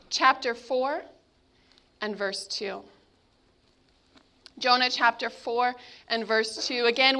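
Bright high-voiced woman preaching slowly. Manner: dramatic pauses, acts out scripture voices. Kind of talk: sermon.

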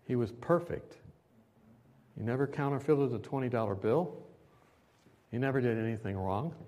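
A man preaching a sermon as pastor, his delivery swinging between quiet and loud, asking the congregation questions. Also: mid-range voice, moderate pace.

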